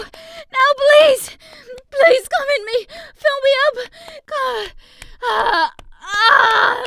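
Breathless, high-voiced possessive non-human lover played by a woman; slow, pleading delivery for adult audio role-play. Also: a little mellow, a little hiss or hum.

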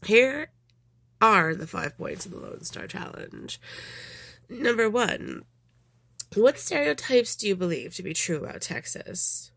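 Woman, casual vlogger; sniffly, giggly and rambling, unhurried delivery, dry sound. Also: medium pitch, big pitch swings, creaky, fairly bright tone, no room sound. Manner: rambling, giggly, many ums. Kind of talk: casual questionnaire vlog.

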